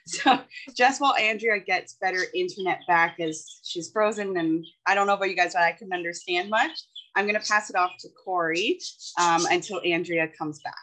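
Woman, moderator, lower voice, light and joking, video call. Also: normal speed, bright, forceful tone. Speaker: session moderator.

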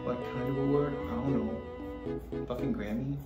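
A man's voice: medium pitch, steady tone, measured pace, recorded from a distance. A young man filming a casual vlog who talks dramatically, swearing often and breaking into yelps and shrieks. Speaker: vlogger. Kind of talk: casual self-filmed vlog. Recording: echoey room with music. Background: music.

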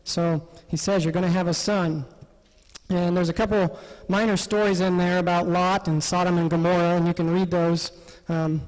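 A man presenting a Bible study session in an animated, laughing way, acting out the quotes. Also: sits high, normal speed, few pauses. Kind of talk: lively Bible study talk. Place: parish hall. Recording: long hall reverb.

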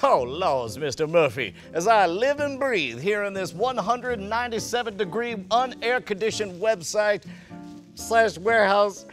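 A man putting on an old-fashioned Southern drawl as an overheated, fussy gentleman, pleading theatrically in a hot warehouse. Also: sits high, animated, measured pace, soft background music. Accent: put-on American Southern. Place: hot warehouse without air conditioning.

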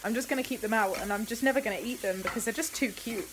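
A woman's voice: on the high side, fast, noisy background. A young woman chatting candidly and animatedly to camera in a casual home vlog. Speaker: vlogger. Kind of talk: casual chat. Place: home, office and kitchen indoors.

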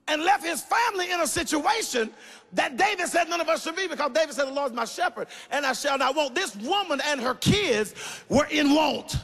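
A man preaching in a church sanctuary, his very high voice gravelly and husky as he shouts and sings out his lines. He calls on the congregation to answer him, and his voice rings through a long hall reverb. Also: expressive, a little fast. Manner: emphatic, rising into shouted sing-song cadences; calls for audience responses. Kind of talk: sermon.

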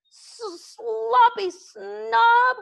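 A woman voicing a small, boastful male dragon who stutters in a high, drawn-out voice, in a storybook read-aloud. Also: steady tone, gravelly, highs cut off, full character voice. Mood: cheeky.

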